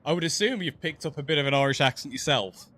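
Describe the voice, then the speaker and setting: A man with a softened Black Country accent chatting casually while streaming a game, laughing often and stumbling over his words. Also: fairly high pitch, fast talker. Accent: Black Country English, softened. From English West Midlands. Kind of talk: casual chat while gaming.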